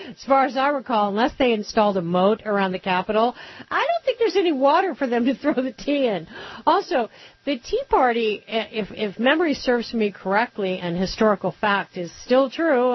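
A woman hosting a political talk radio show, sarcastic and rapid-fire with mocking asides. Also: medium pitch, highs cut off.

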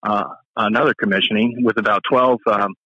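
A man, a former police officer and Marine, telling a profane story in an animated way and acting out the voices he quotes. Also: brisk, dry recording, lo-fi sound. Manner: profane, acts out quoted voices with sharp pitch jumps.

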